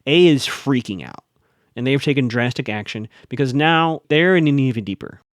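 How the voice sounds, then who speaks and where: A man hosting a solo podcast, recapping a TV episode in casual, animated talk with fillers, restarts and blunt asides. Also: medium pitch, normal speed, no room sound, clean studio sound.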